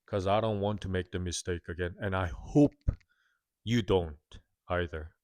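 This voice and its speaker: A man in his thirties, a vlogger, delivers a candid, self-critical and earnest confessional monologue to his viewers. His voice sits low with a darkish tone, his pace is a little slow, and there is no room sound.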